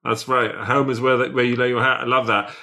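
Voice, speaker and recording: A man's voice: mid-range voice, little pitch movement, a little fast, creaky, sharp tone. A man hosting a casual interview show, asking questions in a playful, teasing way. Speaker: show host.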